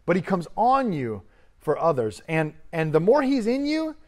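A man's voice: sits high, wildly swooping pitch, normal speed, a little mellow. A man in his thirties preaching a sermon as a youth pastor, emphatic with rising bursts of energy.

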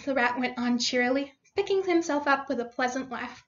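A woman's voice: high-pitched, brisk, hardly any pauses, highs cut off. A woman teacher reading a story aloud to her class, stopping to explain words and what happens. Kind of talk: read-aloud lesson.

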